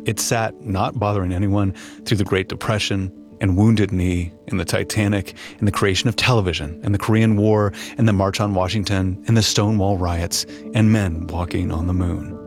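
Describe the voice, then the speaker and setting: A low-voiced man with a gravelly edge to his talk, co-hosting a podcast. He asks curious questions and slips into narrated passages that build long lists, with music playing clearly underneath. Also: fairly even intonation, moderate pace, darkish tone. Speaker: podcast co-host. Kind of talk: casual chat with scripted narration.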